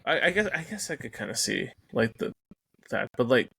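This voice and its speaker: A man with a mid-range, gravelly voice, recorded dry and close, talks as a podcast guest. He is relaxed and thoughtful and often drifts into asides. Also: mid-range voice, brisk, dry recording. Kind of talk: casual film review chat.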